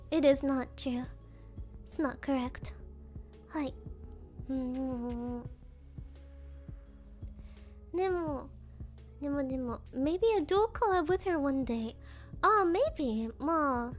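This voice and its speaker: High-voiced, slow, giggly woman streamer. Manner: shy and giggly, with frequent soft laughs and hums. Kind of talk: casual live-stream chat, reading out viewer comments.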